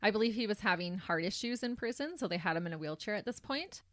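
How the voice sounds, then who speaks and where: A woman co-hosting a true crime podcast, walking through the case step by step. She sits at a mid pitch, and the recording is close and dry with no room sound. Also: quick pace, no echo. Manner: tells the case in detail, animated when reacting. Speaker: podcast co-host.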